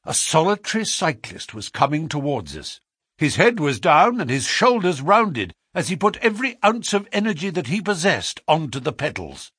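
Husky male storybook narrator. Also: dry recording, clean studio sound. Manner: measured storytelling, lively pitch. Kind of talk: scripted audiobook narration.

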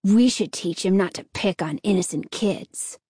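A woman voicing a mischievous, mocking boy with a high, teasing voice. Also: normal speed, mellow, breathy edge, dry recording, clean studio sound, lightly acted.

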